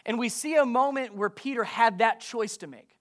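A man's voice: very high-pitched, normal speed, fairly bright tone. A man preaching a sermon as a pastor, emphatic and full of rhetorical questions to his listeners.

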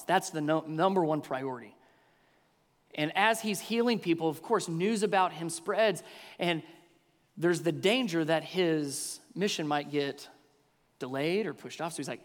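A middle-aged male pastor preaching a sermon in a church sanctuary, animated and acting out quoted voices. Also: high voice, normal speed. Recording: long hall reverb.

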